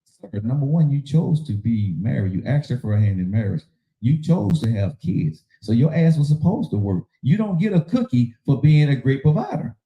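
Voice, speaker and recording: A man's voice: mid-range voice, very animated, moderate pace, warm tone, reverberant, muffled recording. A man hosting a casual relationship talk show, preaching in an emphatic, slangy way. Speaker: podcast host.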